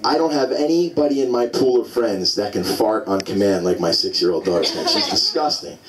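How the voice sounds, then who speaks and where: A man's voice: lowish voice, a little fast, far from the mic, low-quality recording. A man in his forties doing a stand-up comedy set, telling loose, rambling stories full of fillers on a club stage. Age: 40s.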